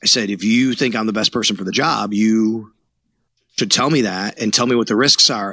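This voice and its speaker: A man's voice: lowish voice, moderate pace, vocal fry, sharp tone, no room sound. A man from Buffalo, New York, a sports reporter who is a podcast guest, telling his story animatedly and acting out quoted dialogue. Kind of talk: casual storytelling interview.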